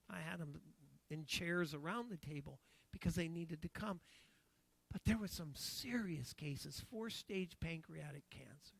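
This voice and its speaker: A man's voice: on the high side, creaky, fairly bright tone, no room sound. A middle-aged man preaching a sermon, telling an emotional story, repeating phrases and acting out what others said.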